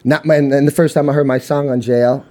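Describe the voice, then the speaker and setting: A man with a Canadian accent, a podcast guest telling stories in casual chat, animated and full of "you know what I mean". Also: mid-range voice, a little fast. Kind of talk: casual storytelling.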